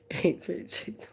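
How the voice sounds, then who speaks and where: Australian woman, live-stream host, chatty and rambling, low gravelly voice. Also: warm tone. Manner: chatty and rambling, laughs often. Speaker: livestream host. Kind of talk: casual live-stream chat.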